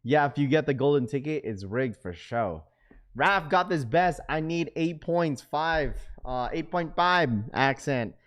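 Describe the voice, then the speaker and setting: A young man hosting a casual live stream, reading viewer comments aloud and bantering back in slangy talk, climbing loud and high when he gets worked up. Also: expressive, measured pace. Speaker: livestream host.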